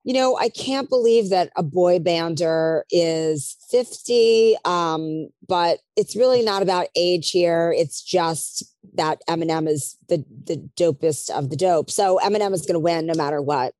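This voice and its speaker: A woman co-host with a slightly low voice talks animatedly and hypes her picks with playful bravado. Her voice is recorded close and dry. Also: unhurried, few pauses, darkish tone, no room sound, low-quality recording. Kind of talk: casual pop-culture chat.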